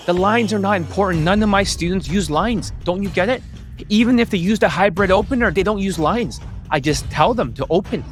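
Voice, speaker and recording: A middle-aged man, a dating coach, ranting to camera in a profane, emphatic monologue. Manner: profane, emphatic, stresses words with rising pitch.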